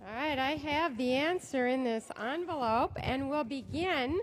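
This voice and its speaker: A woman's voice: high-pitched, unhurried, hardly any pauses, a little hiss or hum. A woman emceeing a pageant live on stage, chatty and gushing, building playful suspense before announcing winners.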